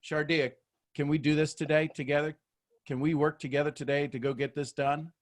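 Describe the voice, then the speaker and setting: A man hosting a leadership video call, joking, animated and preacher-like. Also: fairly high pitch, brisk. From Texas, USA. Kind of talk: motivational talk on a group call.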